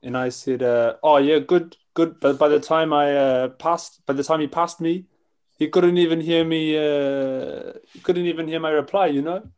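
A man's voice: on the high side, steady tone, moderate pace, a little mellow, clear, resonant tone. A man telling a rambling, hesitant story as a student in an improv class.

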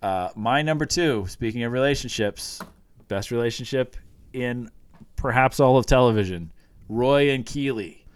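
A man's voice: mid-range voice, normal speed, clear, resonant tone. A man in casual chat, retelling scenes from a show with eager, rambling enthusiasm.

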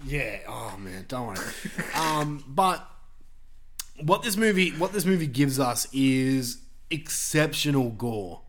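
A man's voice: medium pitch, very animated, takes it slowly. A man hosting a podcast, chatting loosely with lots of fillers and casual swearing. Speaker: podcast host.

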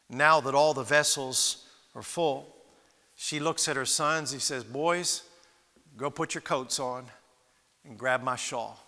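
Bright-voiced preacher in a reverberant hall. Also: male voice, fairly high pitch. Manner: dramatic storytelling, acting out voices. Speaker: pastor. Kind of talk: sermon.

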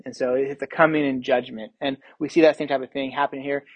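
A man pastor leading an evening Bible study, preaching earnestly and praying, then answering questions from the group in a relaxed way. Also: mid-range voice, no room sound, rough recording. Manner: earnest, measured preaching with occasional fillers. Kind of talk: sermon and prayer, then casual Q&A.

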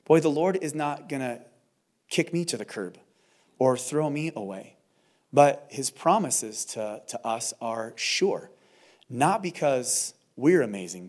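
A man preaching as a pastor in a verse-by-verse sermon, talking in a conversational, earnest way with restarts. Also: mid-range voice. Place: church service.

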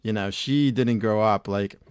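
A man's voice: lowish voice, measured pace, smooth, dry recording, clean studio sound. A man co-hosting a podcast in casual chat, rambling and swearing freely, laughing often. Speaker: podcast co-host.

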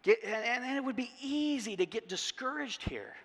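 A man preaching a sermon as pastor, repeating key phrases and asking rhetorical questions in a lively way. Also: extremely high pitch, normal speed. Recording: long hall reverb.

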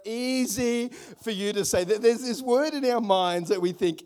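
High-voiced Australian male pastor. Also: moderate pace, a little mellow. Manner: emphatic, repeats refrains, joking asides. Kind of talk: sermon. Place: church auditorium.

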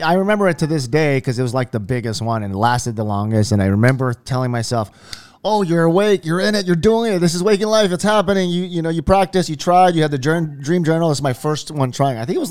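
A man's voice: medium pitch, fast, few pauses, darkish tone. A man in casual conversation, telling stories animatedly, acting out his own quotes and swearing freely.

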